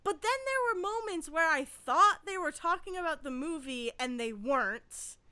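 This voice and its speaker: Woman cohost rambling thru a story, high voice, swears a lot, dry close sound. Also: animated, moderate pace, sharp tone, no room sound. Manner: rambling anecdote with frequent swearing and restarts. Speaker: podcast co-host. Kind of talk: casual chat.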